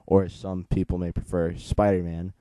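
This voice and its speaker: A man's voice: low voice, flat delivery, normal speed, mellow, dry recording. A young man in his late teens, chatting casually as he reviews a comic book and retells its plot in a rambling, digressive way.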